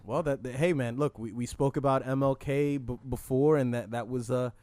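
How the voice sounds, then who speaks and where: A man's voice: mid-range voice, fairly even intonation, moderate pace, darkish tone, no echo. A man co-hosting a podcast in casual chat, speaking in a blunt, sardonic way. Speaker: podcast co-host.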